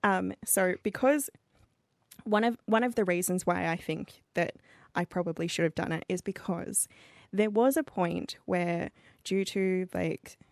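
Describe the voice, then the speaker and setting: A young woman co-hosting a podcast, telling stories in a chatty, animated way with lots of "like". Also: on the low side, unhurried, no room sound, clean studio sound. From Australia. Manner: chatty, animated storyteller with fillers like "like". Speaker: podcast co-host. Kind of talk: casual chat.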